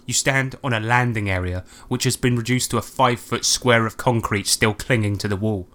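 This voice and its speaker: A man's voice: medium pitch, fairly even intonation, brisk, pushed and bright. Man narrating a tabletop game. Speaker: game master.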